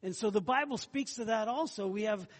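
A man's voice: high-pitched, a little fast. A man preaching an earnest, conversational sermon as a pastor, often repeating phrases and adding asides. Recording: long hall reverb.

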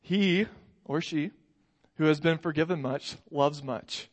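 Young guy preaching, kinda high voice, chatty and funny, telling stories. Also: takes it slowly. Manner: conversational storytelling with humor. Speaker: pastor. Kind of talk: sermon.

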